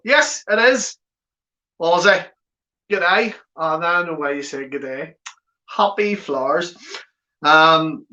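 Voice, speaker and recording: A man's voice: a little high, bright, forceful tone. A man hosting a live football watchalong from home, reading viewer comments aloud and teasing them in chatty banter. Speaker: watchalong host. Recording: slightly dull lo-fi audio.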